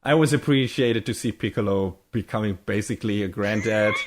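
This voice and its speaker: A man's voice: fairly low pitch, a little fast, a crowd in the background. Rambling man with lots of fillers. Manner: rambling, many fillers, swears casually. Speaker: podcast co-host. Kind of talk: casual chat.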